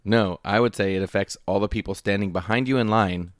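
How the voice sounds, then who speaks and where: A man co-hosting a podcast in casual chat, arguing in careful, deliberate clauses. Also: on the low side, fairly even intonation, no room sound, clean studio sound. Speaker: podcast co-host.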